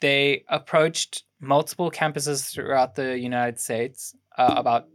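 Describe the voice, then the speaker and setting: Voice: mid-range voice, steady tone, unhurried. This is a young adult co-host of a casual film review podcast, sharing production trivia in a loose, rambling way. The delivery is full of ums, self-corrections and restarts, as if piecing facts together while talking.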